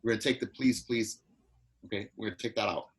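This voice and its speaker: A man's voice: fairly low pitch, fairly even intonation, low-quality recording. Man coaching actors over a video call. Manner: directive, coaching with quick repeated instructions. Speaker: acting coach. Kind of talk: live online acting class.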